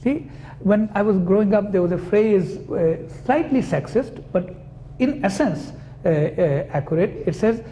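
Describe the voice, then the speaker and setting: A man's voice: high-pitched, a little slow, dark tone, slight background noise. A man, a psychoanalyst, giving an academic lecture and explaining his points patiently through clinical examples.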